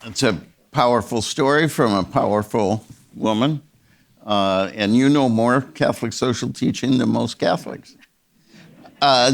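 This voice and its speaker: A man's voice: mid-range voice, creaky. A man moderating a university panel, thanking speakers and posing formal, gracious questions.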